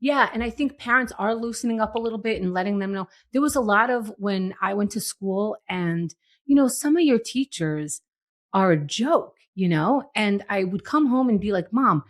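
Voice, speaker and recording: A woman co-hosting a TV rewatch podcast, chatting casually and telling animated stories, often slipping into quoted voices. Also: mid-range voice, normal speed. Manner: animated, storytelling with acted quotes. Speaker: podcast co-host. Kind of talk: casual chat.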